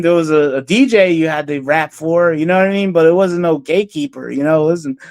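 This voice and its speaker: A man's voice: a little high, a little fast, few pauses, darkish tone, dry recording. Man, interview guest, rambling, filler-heavy, dry sound. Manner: rambling, many fillers and restarts. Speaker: interview guest, music producer. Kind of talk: casual interview chat.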